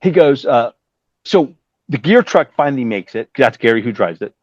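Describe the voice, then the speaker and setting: A man's voice: mid-range voice, expressive, moderate pace, no room sound, dull audio. Man telling a rambling road story. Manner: rambling anecdote with acted-out quotes and profanity. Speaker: guest musician. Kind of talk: casual storytelling interview.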